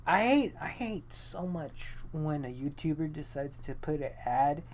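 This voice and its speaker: A man's voice: fairly high pitch, animated, measured pace. A young man co-hosting a podcast, in a casual chat. He rambles, swears often and breaks into laughter. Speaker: podcast co-host.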